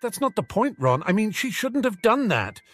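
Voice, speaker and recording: A man voicing an anxious young girl who pleads softly and earnestly with her brother. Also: high voice, sing-song, moderate pace, no echo, faint music behind, pitched above the performer's own voice, exaggerated voice. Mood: pleading. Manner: soft, nervous, earnest pleading.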